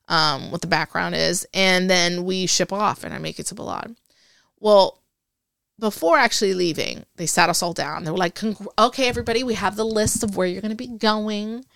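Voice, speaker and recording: Interview guest: woman, low gravelly voice, dry close sound, chatty and animated. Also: no echo. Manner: chatty, acts out quoted dialogue, frequent "like". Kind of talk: casual storytelling.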